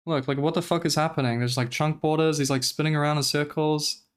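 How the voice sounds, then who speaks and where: A man's voice: a little high, steady tone, fast, clean tone. A young man streaming, talking casually in a profane, rambling and exasperated way while commenting live.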